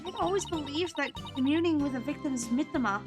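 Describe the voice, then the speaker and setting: A woman's voice: high voice, expressive, fairly quick, music in the background, voice pushed up. A woman voicing a proud, stern young princess priestess, imperious and scornful. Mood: troubled. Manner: imperious, scornful then wavering.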